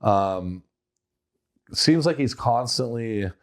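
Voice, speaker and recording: A young man co-hosting a podcast, talking sports in a loose, animated way and acting out players' outbursts. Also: medium pitch, slow. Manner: animated, mimics players with loud quoted outbursts. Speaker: podcast co-host. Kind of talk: casual sports chat.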